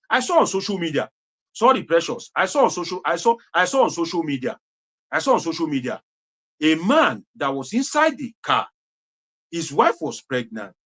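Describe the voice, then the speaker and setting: A man's voice: a little high, a bit bright, slightly rough. A Nigerian man giving impassioned political commentary, preachy and repetitive, slipping into Pidgin phrases. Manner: preachy, repeats phrases for emphasis, mixes in Pidgin.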